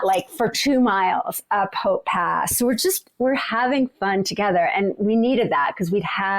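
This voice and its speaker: A woman, an ultrarunner, casually telling the story of a race in a chatty, animated way. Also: on the low side, gravelly. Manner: chatty and animated, filled with "like" and "you know".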